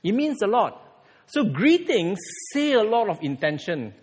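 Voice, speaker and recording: Male pastor, fairly high and lively voice, preaching in an echoing sanctuary. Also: a little slow, slightly rough. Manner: animated preaching with sudden emphatic rises. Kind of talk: sermon.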